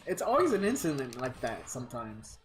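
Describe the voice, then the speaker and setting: A man's voice: medium pitch, wildly swooping pitch, a little fast, music in the background. A man live streaming a game, telling a rambling story casually and laughing often as he acts out the people in it.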